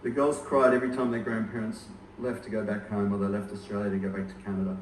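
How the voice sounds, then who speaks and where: A man's voice: on the low side, level tone, fast, a little hiss or hum. A man in his forties giving a eulogy, telling humorous family anecdotes. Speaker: eulogist, eldest son. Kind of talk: funeral eulogy. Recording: echoey hall from far off.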